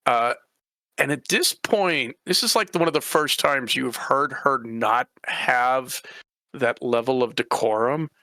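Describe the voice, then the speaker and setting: A man's voice: mid-range voice, a little slow, bright, forceful tone, dry recording. A man running a tabletop game as game master, narrating in a rambling way and voicing characters.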